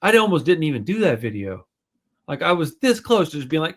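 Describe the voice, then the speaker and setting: A man's voice: on the high side, big pitch swings, brisk. A man hosting a podcast in casual chat, rambling and swearing freely, self-deprecating. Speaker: podcast host.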